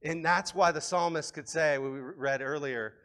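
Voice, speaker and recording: A man with a fairly high voice delivers a sermon from the pulpit. He talks casually and with animation, repeating and restarting words as he builds his points. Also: unhurried, clear, resonant tone. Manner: conversational, animated preaching with frequent restarts. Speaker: pastor.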